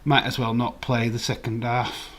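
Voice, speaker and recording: A man's voice: medium pitch, level tone, normal speed, fairly bright tone. A man hosting a casual live stream, rambling and chuckling while reading the chat. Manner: rambling, chuckling, chatty asides.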